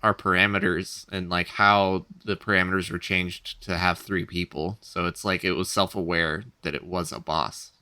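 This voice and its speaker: A man's voice: low-pitched, little pitch movement, normal speed, few pauses, pushed and bright, smooth. A man playing a tabletop role-playing game, musing thoughtfully. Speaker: player. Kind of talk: tabletop game play, casual chat.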